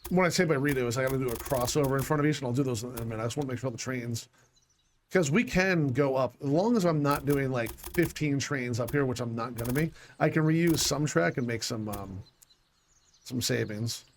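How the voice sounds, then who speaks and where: A man of average pitch narrating his own gameplay, thinking aloud and talking himself through each choice. He sounds scattered and annoyed, with mild swearing, over a faint background hiss. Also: brisk. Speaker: let's play gamer. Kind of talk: casual gameplay commentary.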